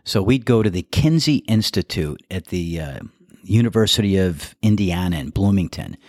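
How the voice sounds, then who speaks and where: Older guy hosting, low voice, laughs a lot, blunt crude stories, super dry sound. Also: animated, moderate pace, a little mellow, no room sound. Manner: laughing storyteller, candid and crude. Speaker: podcast host. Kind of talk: casual chat.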